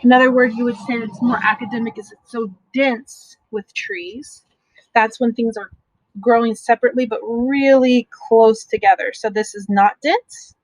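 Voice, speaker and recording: A middle-aged woman teacher reads a picture book aloud to young children and stops to explain things gently and simply. Her voice sits a little high. It is recorded close and dry, with no room sound. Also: fairly even intonation, normal speed, no echo, poor audio.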